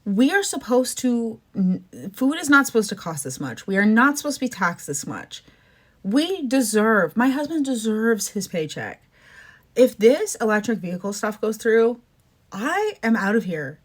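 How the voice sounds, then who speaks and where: A woman's voice: fairly high pitch, sing-song, normal speed. Exasperated ranting woman podcaster. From Canada. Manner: exasperated, ranting, with frequent laughs and asides. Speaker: podcast host. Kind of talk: casual opinion monologue.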